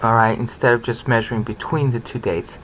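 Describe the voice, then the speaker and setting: A man teaching a lecture on scripture, animated, often repeating words and checking in with rhetorical questions. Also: mid-range voice, fairly quick, slight background noise, rough recording. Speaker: Bible teacher.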